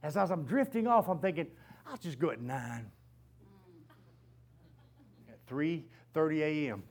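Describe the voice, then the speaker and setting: High-voiced preacher telling a story. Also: male voice. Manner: animated storytelling, often laughing mid-sentence. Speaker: pastor. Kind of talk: sermon.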